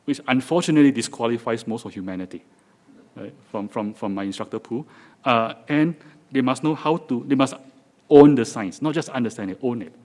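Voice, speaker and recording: Speaking to a live lecture-hall audience, a Singaporean-accented man delivers a chatty, joke-filled talk with frequent restarts. He's a guest speaker whose voice sits at medium pitch and sounds a little mellow.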